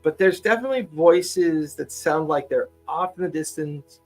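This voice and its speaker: A man running a tabletop game as game master, narrating in a relaxed, halting way with repeats. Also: a little high, faint music behind.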